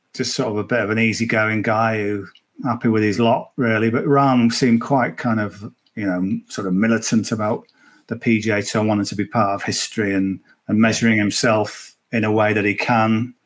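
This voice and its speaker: A man's voice: lowish voice, fairly even intonation, normal speed. A man chatting casually as a golf betting guest on a podcast, rambling with many restarts and fillers. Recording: remote, at the tournament venue.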